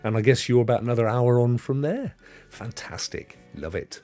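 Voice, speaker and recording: Male stream host, lively swooping pitch, playful and rambling. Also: moderate pace. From Devon, England. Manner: rambling, playful, spins tall tales. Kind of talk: casual livestream chat with viewers.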